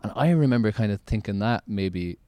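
Rambling Irish man, low voice. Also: lively intonation, brisk, warm tone, dry recording. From Ireland. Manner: rambling, many restarts and "like" fillers. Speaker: podcast host. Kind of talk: casual podcast chat.

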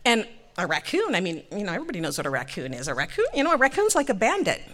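A woman telling a comic personal story, animated and laughing often. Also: mid-range voice, racing.

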